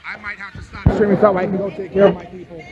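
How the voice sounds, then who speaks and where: A man's voice: high-pitched, flat delivery, fast, highs cut off, very noisy. A man from North Carolina, a convention delegate, streaming live on his cell phone from a crowded convention floor; heated at first, then apologetic. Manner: heated, talks over hecklers, then apologetic. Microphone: handheld cell phone.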